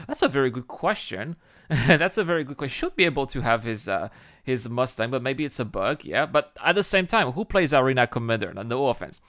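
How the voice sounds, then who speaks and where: A man hosting a livestream, chatting casually with viewers and reading out their comments in an excitable way, often restarting his sentences. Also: medium pitch, a little fast, dry recording, clean studio sound. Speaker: livestream host.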